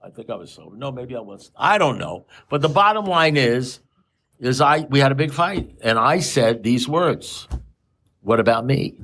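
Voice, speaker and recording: A man's voice: medium pitch, expressive, moderate pace, fairly bright tone. A man telling his story at a recovery meeting, rambling and self-mocking with dry humor. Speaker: AA speaker sharing his story.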